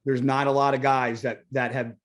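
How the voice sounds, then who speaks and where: A middle-aged man, a retired bodybuilder, talking as a podcast guest. He tells his story bluntly, swearing often and acting out quoted conversations. His voice sits at an everyday middle pitch. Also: little pitch movement, moderate pace. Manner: blunt, profane, acts out his own quoted lines. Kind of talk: casual storytelling interview.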